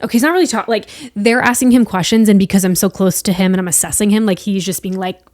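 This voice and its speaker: A woman's voice: medium pitch, fast, no echo, clean studio sound. A young adult woman hosting a podcast, casually and animatedly telling a story with lots of filler words. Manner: animated, breathless retelling with frequent "like" fillers. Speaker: podcast host.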